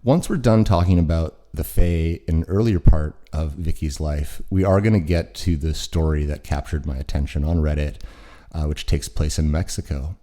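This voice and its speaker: A man hosting an interview, introducing his guest in a halting way with many fillers. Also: extremely low pitch, steady tone, dark tone. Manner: halting, filler-heavy delivery. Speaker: podcast host.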